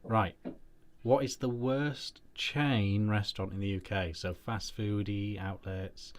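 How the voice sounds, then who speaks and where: A man's voice: fairly low pitch, fairly even intonation, slow pace. A British man co-hosting a casual chat, telling anecdotes in a dry, matter-of-fact way. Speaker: co-host.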